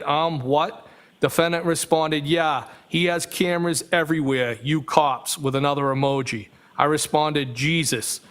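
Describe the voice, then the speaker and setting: A male witness in a courtroom, reading text messages aloud in a flat, measured way with small self-corrections. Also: fairly high pitch, clear, resonant tone.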